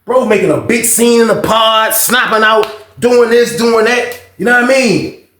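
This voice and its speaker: A man hosting a casual storytime monologue, animated and profane, acting out the voices in his tale. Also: very high voice, normal speed, reverberant. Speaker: storytelling channel host.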